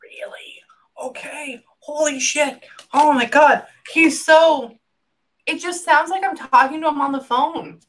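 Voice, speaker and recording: A woman's voice: sits high, unhurried, a little hiss or hum. A woman working as a psychic medium in a reading session, often stopping to listen and then passing on what she hears. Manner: breaks off often to listen, then relays quotes. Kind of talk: reading session, relaying messages.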